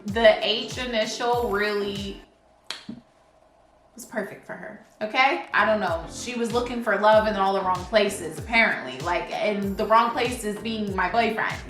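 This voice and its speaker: A woman's voice: mid-range voice, measured pace. A woman vlogging casually while doing her makeup and telling a story straight to her viewers. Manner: casual and animated, often addressing viewers directly. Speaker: beauty vlogger. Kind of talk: chatty get-ready-with-me storytelling. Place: indoors, doing makeup on camera. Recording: echoey room with faint music behind.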